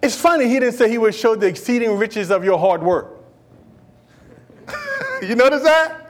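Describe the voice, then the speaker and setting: Animated high-voiced male preacher. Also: normal speed. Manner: animated preaching, swinging from loud to whispered; folksy, playful asides to the congregation. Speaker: pastor. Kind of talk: sermon.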